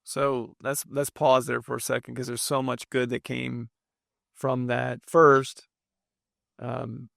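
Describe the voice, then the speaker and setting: A man hosting a podcast interview, reflecting on his guest's story in an unhurried way. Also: mid-range voice, flat delivery, creaky, fairly bright tone, dry recording, studio quality. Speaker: podcast host. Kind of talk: conversational interview.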